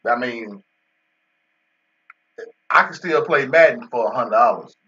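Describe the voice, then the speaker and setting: Man, lively up-and-down pitch, casual gameplay banter, dull lo-fi sound from a slightly distant mic. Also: a little slow. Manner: joking banter with an unseen in-game agent, AAVE-flavored casual speech. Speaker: gaming video host.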